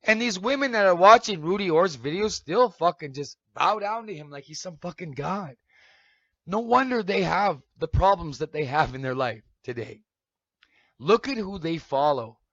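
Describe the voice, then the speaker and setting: A man rants on a live stream in a high voice, cursing and firing off accusations. His tone is sharp and strained. The dry sound comes through a dull, lo-fi mic. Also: lively intonation, moderate pace, no echo. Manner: heated, accusatory, repeats "okay?". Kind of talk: angry profane rant.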